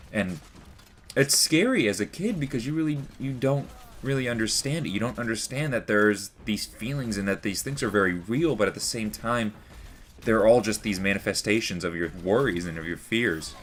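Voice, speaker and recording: A man's voice: fairly low pitch, fairly quick, fairly bright tone, a little hiss or hum. A young man telling a personal story to the camera in a rambling, earnest way, full of "like" and "you know". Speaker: vlogger.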